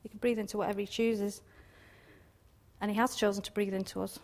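A woman giving an informal devotional talk on scripture, chatty and quick to laugh, often ending points with little questions. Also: medium pitch, level tone, a little mellow. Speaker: Bible teacher.

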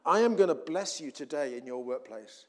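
Animated preacher in a reverberant hall. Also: male voice, on the high side, normal speed. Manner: animated storytelling, acting out voices from scripture. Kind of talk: sermon.

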